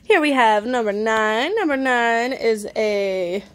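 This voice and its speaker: Chatty woman with a high voice. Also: animated, slow pace. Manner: chatty, filler-heavy item descriptions. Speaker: online reseller. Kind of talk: casual live-sale vlog.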